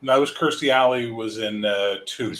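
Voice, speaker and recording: A man co-hosting a casual chat, swearing freely and telling stories in an animated way. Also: mid-range voice, moderate pace. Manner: profane, animated storyteller doing voices. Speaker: podcast co-host.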